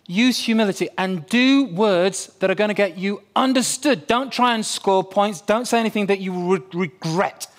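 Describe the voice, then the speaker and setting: Earnest man preaching a sermon. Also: sits high. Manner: earnest and conversational, with playful asides. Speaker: pastor.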